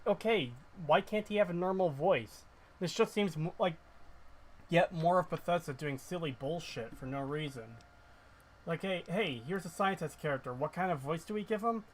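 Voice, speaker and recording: A male streamer riffing over a game in a loose, ranting way. He is blunt and sarcastic and swears freely. His voice sits slightly high. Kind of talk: casual ranting commentary.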